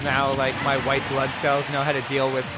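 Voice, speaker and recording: A man hosting a casual vlog, talking excitably and directly to his viewers. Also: medium pitch, normal speed. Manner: excitable, talks straight to viewers. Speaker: streamer and video host. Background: background music.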